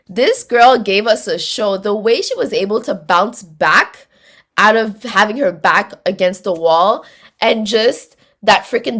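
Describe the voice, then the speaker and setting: A North American woman hosting a casual livestream recap, reading viewer comments in a chatty, slangy way with lots of fillers and restarts. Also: medium pitch. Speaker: host of a reality show recap stream.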